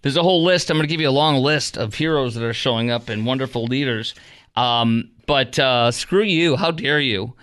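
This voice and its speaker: A man's voice: mid-range voice, moderate pace, fairly bright tone, dry recording. A man hosting a radio talk show in a studio, ranting in a heated, mocking way with lots of fillers. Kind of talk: opinionated talk radio monologue.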